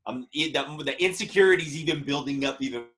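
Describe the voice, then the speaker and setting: A man's voice: a little high, brisk, a bit bright. A man in his thirties, a musician guest telling a story in a casual interview, chatty and earnest. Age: 30s.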